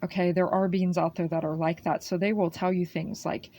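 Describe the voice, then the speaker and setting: A woman's voice: fairly low pitch, flat delivery, a little fast, warm tone. A woman giving an earnest spiritual oracle card reading. She speaks repetitively, often adding "okay" and calling the listener "beautiful soul.".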